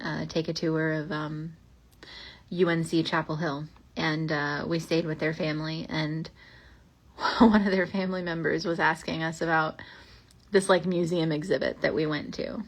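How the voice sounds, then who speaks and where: Chatty young woman, lowish voice. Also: a bit bright. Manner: rambling and chatty, many fillers, slows down for spooky lines. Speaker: podcast host reading old newspaper ghost stories. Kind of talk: casual reading and chat.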